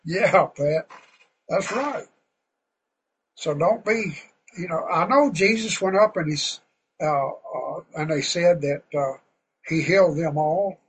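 A man's voice: a little high, slow, long pauses, a little hiss or hum, poor audio. Fervent folksy preacher man. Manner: folksy, fervent, rising to loud bursts. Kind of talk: sermon.

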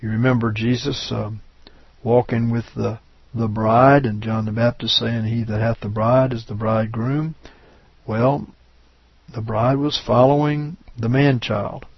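A man's voice: mid-range voice, level tone, measured pace, husky, no room sound. A man preaching a sermon, reading scripture verses with rising emphasis and often asking the listeners "right?". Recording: dull lo-fi recording.

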